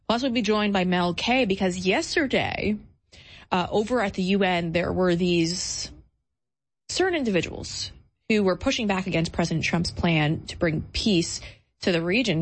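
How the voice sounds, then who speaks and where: A woman hosting a political talk show, running through the day's lineup in a brisk, emphatic and combative manner. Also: fairly low pitch, slightly rough.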